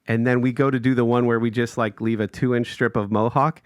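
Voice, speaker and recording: Medium in pitch and fairly quick, a man co-hosting a podcast barely pauses as he tells a laughter-filled casual story and acts out quotes in raised voices. The studio sound is clean with no echo.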